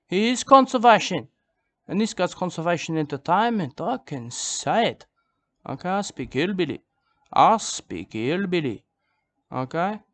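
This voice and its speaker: A man's voice: fairly high pitch, dry recording. Boastful older man rambling. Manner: repetitive, boastful, mock-serious. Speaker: comedic vlogger. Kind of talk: rambling comedic monologue.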